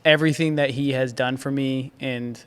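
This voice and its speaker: A man sharing his founding story in an interview, earnest and grateful, animated when he tells stories. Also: mid-range voice, normal speed, smooth, in a large hall. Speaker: agency founder, guest. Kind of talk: casual conversational interview.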